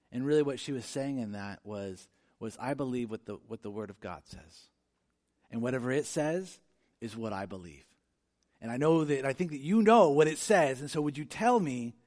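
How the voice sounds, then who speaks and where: A man preaching a sermon, earnest and conversational, moving from quiet reflection to emphatic, rising delivery. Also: medium pitch. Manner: conversational with frequent restarts. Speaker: pastor.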